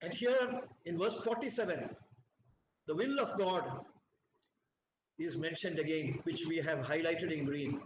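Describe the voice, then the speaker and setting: A man's voice: fairly high pitch, measured pace, pauses often. A man from India leading a Bible study, reading scripture aloud and explaining it in an earnest, emphatic preaching manner. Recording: roomy echo, faint background noise.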